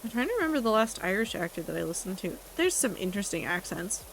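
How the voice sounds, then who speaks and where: A woman's voice: on the high side, very animated, quick pace, few pauses, slight background noise, poor audio. A woman streaming a game, chatting casually with her chat in a wry, talkative way and swearing now and then. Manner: chatty, wry, reacting to chat with asides and profanity.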